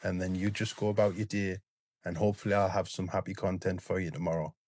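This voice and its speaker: A British man hosting a reaction channel, speaking to camera in a gentle, sincere way with plenty of fillers and restarts. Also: low voice, flat delivery, fast talker. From Britain. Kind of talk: casual talk to camera.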